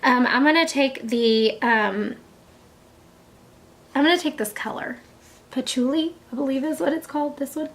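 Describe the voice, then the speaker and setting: Chatty middle-aged woman with a gravelly voice. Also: high voice, moderate pace, long pauses. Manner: chatty, rambling, with frequent soft half-whispered asides. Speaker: beauty vlogger. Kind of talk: makeup tutorial chat.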